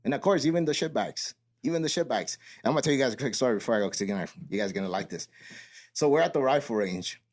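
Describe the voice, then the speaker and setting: Marine vet guy swearing a lot, telling a boot camp story, does the voices, average pitch. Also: rapid-fire. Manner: profane, animated storytelling with acted-out quotes. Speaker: Marine veteran podcast host. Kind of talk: casual storytelling.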